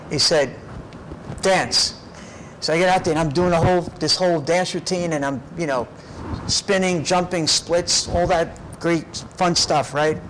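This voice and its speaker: Lively storytelling man, fairly high voice. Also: a little hiss or hum, rough recording. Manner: lively, tags phrases with "right?". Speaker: interview guest, karate teacher. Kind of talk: animated personal storytelling. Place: karate gym.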